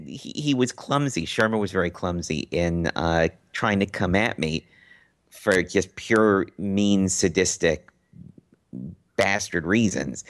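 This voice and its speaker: A man recounting a personal story as an interview guest, animated and full of restarts and repeated words. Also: sits low. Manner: animated, acts out quotes in a raised voice; frequent restarts and stammered repeats. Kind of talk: casual storytelling.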